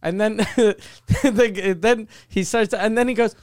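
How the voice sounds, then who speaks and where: A man co-hosting a podcast, telling a family story in casual chat, animated and swearing freely, with laughs breaking in. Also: high-pitched, a little slow, hardly any pauses, dry recording, studio quality. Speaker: podcast co-host.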